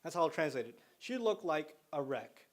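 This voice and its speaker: A man's voice: on the high side, very animated, moderate pace. A middle-aged man giving a religious lecture to students in a conversational way, explaining terms and slipping into slang. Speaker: Islamic lecturer.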